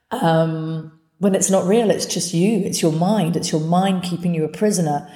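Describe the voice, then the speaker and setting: A woman hosts her own podcast in a heartfelt, earnest monologue, dropping swear words without a second thought. Her voice sits low and mellow, never bright. The sound carries the echo of a bare room around it. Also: normal speed. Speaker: podcast host. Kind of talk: candid solo podcast talk.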